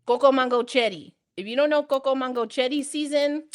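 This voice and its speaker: A woman with a New York accent and a high voice co-hosts a casual show. Her talk is playful and full of slang. She stays animated as she riffs. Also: brisk. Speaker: podcast co-host. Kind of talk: casual chat.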